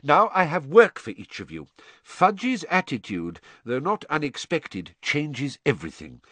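A man voicing a wise old headmaster wizard who speaks in a measured, grave and authoritative way. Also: on the high side, sing-song, a bit bright, no room sound, pitched above the performer's own voice, exaggerated voice.

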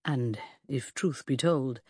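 A woman voicing a courteous, melancholy man, a former army officer, in a formal and gentle way. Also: mid-range voice, slow pace, breathy edge, no echo, clean studio sound, voice pushed down.

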